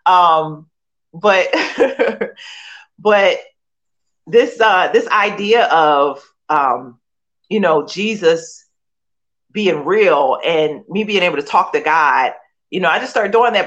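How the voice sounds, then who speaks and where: A woman's voice: fairly low pitch, unhurried, a bit bright, muffled recording. A woman in her forties from Philadelphia shares her personal testimony as a guest. She tells it earnestly and emotionally, with many you-knows and restarts. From Philadelphia, USA. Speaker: author and guest.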